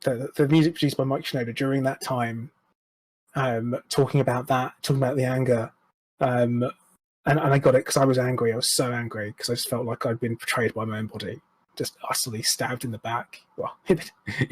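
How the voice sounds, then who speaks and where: A man's voice: medium pitch, flat delivery, fairly quick, husky, poor audio. A man, speaking frankly and reflectively as a podcast guest, swearing now and then. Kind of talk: candid interview chat.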